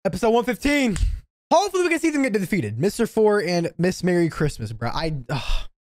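A woman hosting an anime reaction channel, commenting live with excitable shouts, laughter, slang and lots of swearing. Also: mid-range voice, brisk, no room sound, studio quality.

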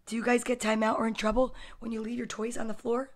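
A woman reading a children's picture book aloud to kids, with playful, expressive asides. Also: on the high side, fast talker. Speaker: story time reader.

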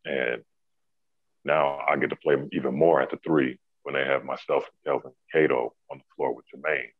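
A man's voice: very deep voice, fairly even intonation, normal speed, breathy edge, dry recording. A middle-aged man, a former pro basketball player, telling stories in a laid-back, laughing way with many fillers. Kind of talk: casual storytelling. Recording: dry, tinny phone-like sound.

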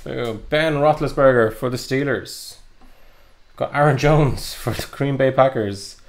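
Young man, card-break host, upbeat and chatty, gravelly edge. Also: mid-range voice, measured pace. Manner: chatty, upbeat, lots of fillers. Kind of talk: live card break commentary.

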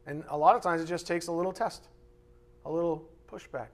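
A male pastor preaching a live sermon, reading scripture aloud and acting out voices in lively asides. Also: fairly high pitch, fairly quick. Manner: animated preaching, reads scripture aloud, acts out God's voice in asides. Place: church sanctuary.

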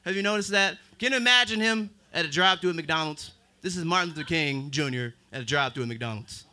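A young man performing a stand-up comedy set on an open mic stage. He talks in a self-deprecating way, with drawled asides. His voice is high and very bright. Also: fast. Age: 20s.

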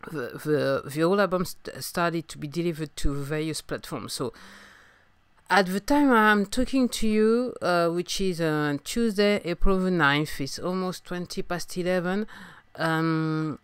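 A woman's voice: sits low, measured pace, clear, resonant tone, no room sound. A woman from France with a French accent, hosting a casual solo podcast, talking hesitantly with many fillers and restarts while getting over a sore throat. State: recovering from a sore throat, coughing. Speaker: podcast host and singer-songwriter.

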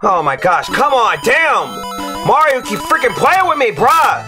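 A young man commentating his platform gameplay, ranting and yelling at the game as he fails levels. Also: extremely high pitch, very animated, a little slow, music in the background. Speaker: streamer playing a platform game.

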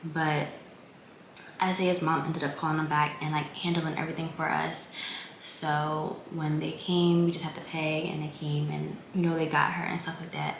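A young woman in her twenties telling a personal story in a casual vlog, speaking softly and haltingly with many restarts. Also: deep voice, little pitch movement, gravelly. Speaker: vlogger. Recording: echoey room, faint background hiss.

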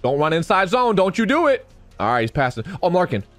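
Young male gamer commentator, high voice with wild pitch swings, cracking and strained, dry close mic. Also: fast talker, no room sound, soft background music. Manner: excitable, talks to viewers, repeats phrases. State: voice cracking, losing his voice. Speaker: gaming YouTuber. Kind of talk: live gameplay commentary.

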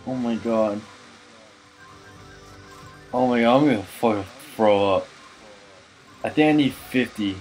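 A drunk man doing gaming commentary, cursing, shouting and laughing as he plays. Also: mid-range voice, measured pace, long pauses, faint music behind, low-quality recording. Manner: profane, loud outbursts and laughing. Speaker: let's player.

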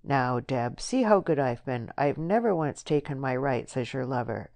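A woman's voice: extremely low pitch, animated, moderate pace, gravelly, a little mellow, no echo, heavily acted. A woman voicing an eager young man who coaxes his sweetheart persistently. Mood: coaxing.

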